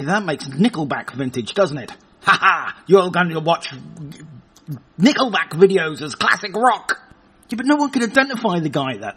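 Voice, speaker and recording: A man with a husky, breathy voice, pitched high for a man, rambles through the news as a podcast host. He jumps between crude jokes and asides, and his pitch swings widely up and down as he talks. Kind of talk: casual comic news chat.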